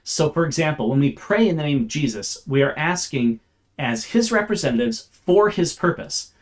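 A man's voice: on the high side, expressive, normal speed. A man giving a verse-by-verse Bible teaching, explaining the text and stressing key words.

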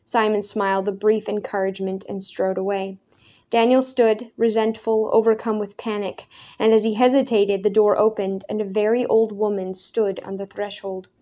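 A woman reading a story aloud in a measured, even narration. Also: medium pitch. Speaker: audiobook narrator. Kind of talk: scripted narration.

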